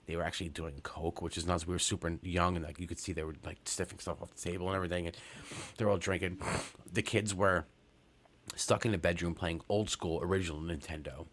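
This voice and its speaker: Low-voiced profane New man rambling. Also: steady tone, quick pace, a bit bright. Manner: rambling, profane, lots of fillers and restarts. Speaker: podcast host. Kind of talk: casual storytelling.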